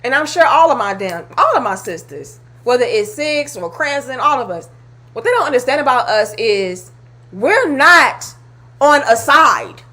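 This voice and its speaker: Commentary host, woman, high voice, blunt heated rant, swears a lot. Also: very animated, unhurried, bright, forceful tone. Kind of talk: reacting to clips, ranting commentary.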